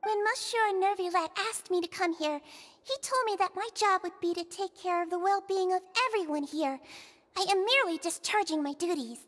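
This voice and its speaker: A woman voicing a small, gentle nurse spirit in game dialogue, polite and patiently earnest. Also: extremely high pitch, normal speed. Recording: long reverb hall sound.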